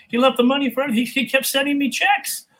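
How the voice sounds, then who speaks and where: A middle-aged man, a voice and accent coach, telling animated stories as an interview guest, laughing often and imitating people. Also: very high voice, normal speed, poor audio. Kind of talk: casual interview storytelling.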